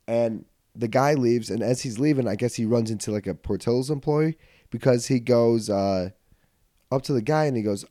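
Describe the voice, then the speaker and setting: A man spins a comic story on a podcast mic, his pitch sitting in the middle range for a man. He drops to mutters, then bursts into loud rants, swearing easily and laughing along the way. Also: moderate pace, dry recording, clean studio sound. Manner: animated, swings from mutters to yelling. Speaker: podcast host. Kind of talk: comedic storytelling. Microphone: podcast studio mic.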